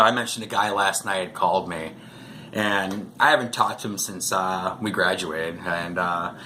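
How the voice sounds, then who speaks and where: Speaking to camera, a man tells rambling stories casually, chuckling often and saying "you know" a lot. His voice is low and bright with a forceful tone, and there's a slight hiss or hum.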